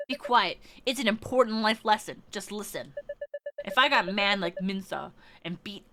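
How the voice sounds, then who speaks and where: A woman's voice: medium pitch, normal speed, sharp tone. A woman reading the part of a strict, lecturing immigrant father aloud from a visual novel on stream, in a stern, scolding manner. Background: game music.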